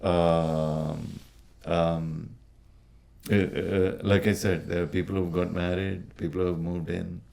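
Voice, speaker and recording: A man with an Indian accent, a podcast guest talking casually, often pausing and restarting. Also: sits low, little pitch movement, gravelly, darkish tone. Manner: hesitant, many restarts and fillers. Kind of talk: casual conversation.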